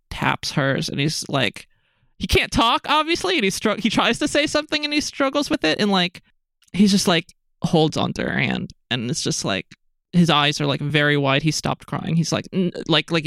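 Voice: mid-range voice, gravelly, fairly bright tone, dry recording, clean studio sound. A game master narrating a tabletop game in a loose, rambling way, full of "like" and repeated words.

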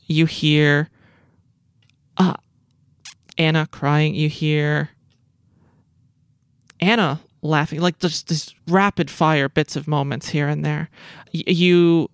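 A man running a tabletop game as game master, narrating in a halting way with many fillers and restarts. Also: fairly high pitch, flat delivery, smooth, no echo.

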